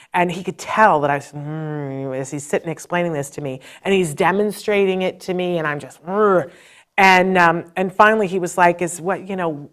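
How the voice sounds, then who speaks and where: A middle-aged woman hosting a live parenting advice show, telling stories with animation and speaking straight to her viewers. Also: lowish voice. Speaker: host.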